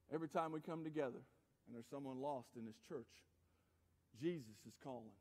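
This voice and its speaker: A man preaching a sermon as pastor, dropping low and quiet then rising to shouts. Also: moderate pace, pauses often. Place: church sanctuary. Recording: church sanctuary with long reverb.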